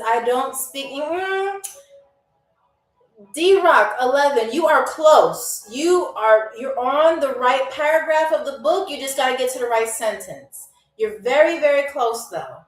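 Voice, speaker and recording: Upbeat high-voiced woman game host. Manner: encouraging, chatty, keeps checking in with "okay?" and "all right?". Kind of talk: live-stream hosting, reading viewer comments. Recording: roomy sound from a distance with faint music.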